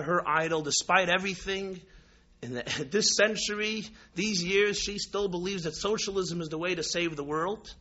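Rabbi from New York, storytelling sermon, high bright voice. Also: male voice, slightly rough, muffled recording. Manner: animated, repetitive storytelling with restarts.

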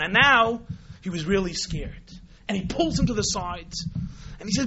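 A man preaching, telling a story in a sermon with animated, dramatic delivery. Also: high-pitched, normal speed. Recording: dull lo-fi recording.

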